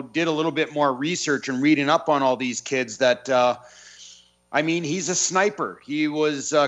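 A man's voice: on the high side, fairly bright tone. A man co-hosting a sports talk radio show, speaking hesitantly with many fillers. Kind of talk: casual sports radio chat.

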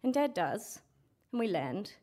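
A woman's voice: mid-range voice, very animated, a little slow, dark tone. A young adult woman telling a true story at a storytelling event, frank and sweary, acting out what people said. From New Zealand. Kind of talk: live storytelling.

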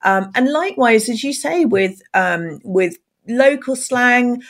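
Energetic woman talking about emails. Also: a little high, takes it slowly. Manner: energetic, expressive, frequent ums. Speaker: podcast guest, email communication expert. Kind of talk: casual podcast interview.

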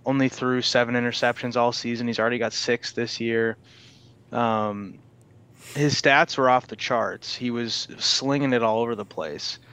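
A man co-hosting a sports podcast, laying out points in a measured, analytical way. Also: medium pitch, steady tone, fairly bright tone, clean tone. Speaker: podcast co-host. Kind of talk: casual sports chat.

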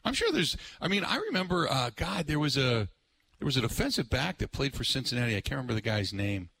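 A man hosting live sports talk radio from a remote broadcast, rambling with lots of fillers and bursts of excitement. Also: mid-range voice, quick pace, a little hiss or hum.

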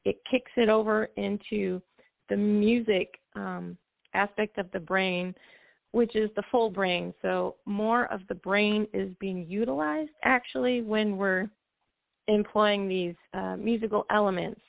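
A U.S. music therapist phones into a radio show, speaking like a seasoned trainer and breaking into brief sung phrases to make her points during long explanations. Her gravelly voice is medium-pitched, fairly even, and measured, with the dry, tinny sound of a phone line.

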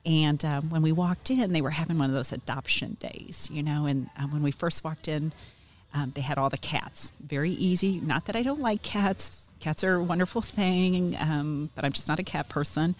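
A woman's voice: sits low, normal speed. Chatty, sarcastic middle-aged woman. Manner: sarcastic, chatty with frequent ums. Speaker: interview guest. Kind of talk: casual storytelling.

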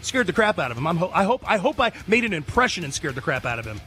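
A man's voice: high-pitched, sing-song, fast, bright, forceful tone, faint music behind. A man hosting a talk radio show, holding forth emphatically and throwing rhetorical questions at his listeners.

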